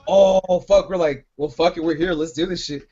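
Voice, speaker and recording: A man's voice: fairly high pitch, fairly even intonation, moderate pace, warm tone, slightly rough, dull audio. A man co-hosting a podcast, telling a long rambling story full of profanity in casual chat. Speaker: podcast co-host.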